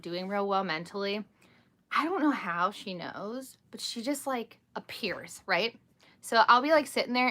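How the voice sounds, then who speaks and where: A woman in her thirties hosting a casual live stream from home, chatting and telling rambling stories in an animated way. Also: mid-range voice, a little hiss or hum.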